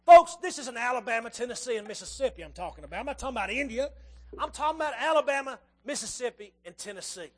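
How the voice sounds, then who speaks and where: A man in his fifties preaching a sermon to his congregation, emphatic, with rhetorical questions, swinging between loud and soft. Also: extremely high pitch, very animated, fast.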